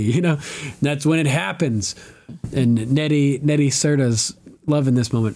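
Animated, swearing male podcast host. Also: mid-range voice, measured pace. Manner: animated, laughs often, swears freely. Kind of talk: casual TV episode recap.

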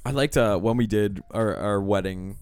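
A man's voice: on the low side, normal speed, a little mellow, smooth, no echo. A young man co-hosting a podcast, chatting in a laid-back way, laughing often and swearing freely. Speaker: podcast co-host. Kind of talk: casual chat.

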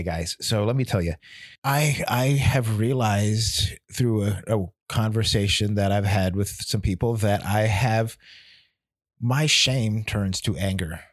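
A man in his thirties hosting a podcast, talking through a personal reflection in a candid, halting way, often restarting and repeating words. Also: on the low side, dry recording, studio quality. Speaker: podcast host.

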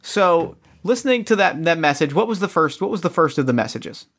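Player working thru a puzzle out loud, lots of restarts, jokey about themselves. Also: mid-range voice, big pitch swings, fairly quick. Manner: restless restarts, self-mocking. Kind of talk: casual game play, thinking aloud.

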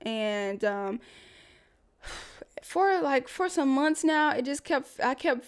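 Slow and expressive, this high-voiced woman hosts a casual solo podcast. She talks candidly through life advice in a chatty way, with many fillers, asides, and frequent laughs.

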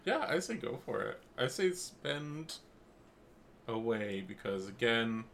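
A man in his thirties co-hosting a podcast, teasing and quick to laugh. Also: mid-range voice, sing-song, vocal fry, a bit bright, a little hiss or hum. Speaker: podcast co-host. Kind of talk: casual chat.

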